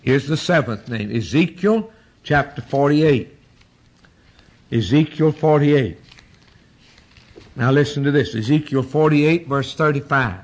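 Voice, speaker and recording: A man's voice: mid-range voice, measured pace, pauses often. A man preaching a sermon, emphatic, his voice swinging up and down as he stresses points and spells out words.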